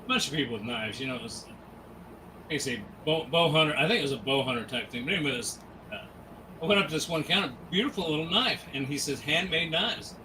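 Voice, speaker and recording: A man on a gaming podcast telling an animated anecdote in casual chat. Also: on the high side, fast, far from the mic, slight background noise, poor audio. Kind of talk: casual storytelling.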